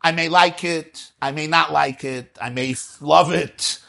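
A man teaching a Torah lecture as a rabbi, animated, swinging between soft asides and emphatic declarations. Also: a little high, a little slow, creaky.

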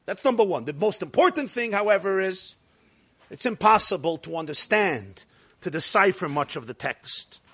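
High-voiced man lecturing a class. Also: sing-song, moderate pace, a bit bright, slightly rough. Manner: asks the class questions and answers them himself, jokes with them. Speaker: rabbi teaching a class.

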